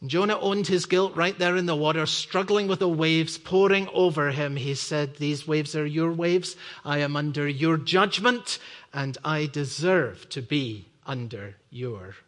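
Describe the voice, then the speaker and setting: A man preaching a sermon in an earnest way, dropping low and quiet on key words and rising with urgency. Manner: earnest, swinging from quiet low drops to raised urgent peaks.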